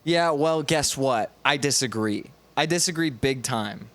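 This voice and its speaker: A man's voice: mid-range voice, unhurried, fairly bright tone. A young man co-hosting a podcast, rambling and teasing in crude casual chat. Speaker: podcast co-host.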